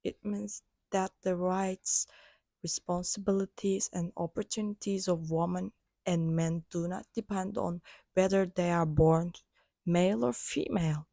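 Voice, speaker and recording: Low, gravelly-voiced woman reading a lesson. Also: steady tone, warm tone, no echo. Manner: careful, measured reading with small restarts. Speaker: educational presenter. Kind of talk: reading a prepared lesson aloud.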